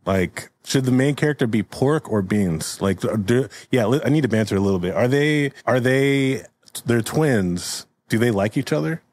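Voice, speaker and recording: A man's voice: mid-range voice, expressive, normal speed, darkish tone. A man hosting a comedy podcast, laid-back and rambling, laughing often in casual chat. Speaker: podcast host.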